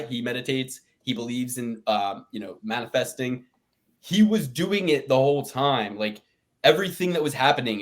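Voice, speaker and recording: A man co-hosting a podcast, rambling in a casual chat and swearing often as he rants. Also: medium pitch. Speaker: podcast co-host.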